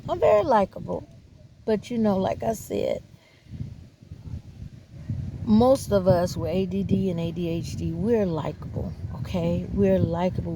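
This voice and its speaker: A woman vlogger with a lowish voice and some vocal fry talks casually to the camera over a noisy background. Her monologue is earnest and encouraging, full of fillers and loose, repetitive phrasing, and she calls her listeners baby and honey.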